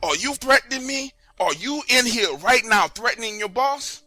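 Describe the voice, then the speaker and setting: Narrator doing an angry bully boss, curt, menacing, bright-edged. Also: male voice, mid-range voice, expressive, fairly quick, husky, soft background music, full character voice. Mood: hostile. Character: angry domineering male boss, big and hostile.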